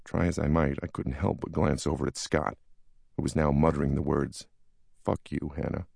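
A man's voice: rumbling low, little pitch movement, normal speed, vocal fry, darkish tone, breathy edge, no room sound, clean studio sound. A man narrating a first-person memoir audiobook in a wry, sardonic manner.

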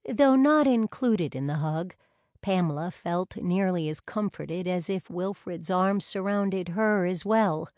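Slow, low-voiced woman reading a novel. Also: a little mellow, no room sound, studio quality. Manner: measured, unhurried reading. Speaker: audiobook narrator. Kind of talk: scripted narration.

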